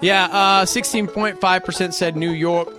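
A man's voice: sits high, fairly even intonation, a little slow, music in the background. A middle-aged man hosting a radio show, bantering casually, reading out figures and laughing often. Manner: laughs often, reads out stats. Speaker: radio host.

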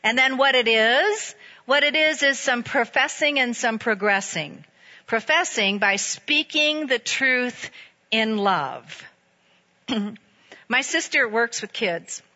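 Woman preacher, sermon, bright clear voice, a bit high, lively and conversational, dull lo-fi sound. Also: slow.

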